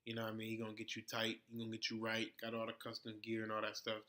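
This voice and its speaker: Bright-voiced, blunt, profane vlogger man. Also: on the low side, monotone, quick pace. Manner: heated during the rant, laid-back in the sign-off. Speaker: vlog host. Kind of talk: casual vlog rant.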